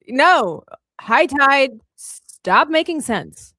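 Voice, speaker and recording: A woman's voice: high-pitched, takes it slowly, no echo, studio quality. A woman hosting an art livestream, chatting casually while she draws, telling stories with lots of laughter. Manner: animated storyteller who laughs often.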